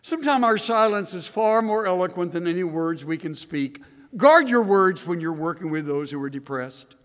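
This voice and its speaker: A male pastor preaching a sermon in an earnest voice that swings into loud, emphatic bursts. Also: high-pitched, animated, moderate pace. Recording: reverberant hall.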